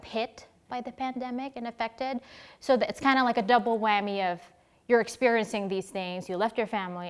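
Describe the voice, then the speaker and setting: A woman from the Philippines, an actress in her thirties, talking in a casual interview in an animated, expressive way with frequent laughs. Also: on the low side. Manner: animated and expressive, laughs often, many fillers.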